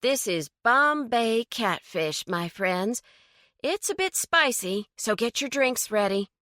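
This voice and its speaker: A bright, teasing woman who runs her friends' dinner table and loves showing off her cooking. Her voice lifts high and playful as a woman reads her part. The sound is dry and close. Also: takes it slowly, no room sound, heavily acted. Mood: cheerful. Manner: lively, sing-song and coaxing. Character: bubbly confident woman cook, teasing hostess.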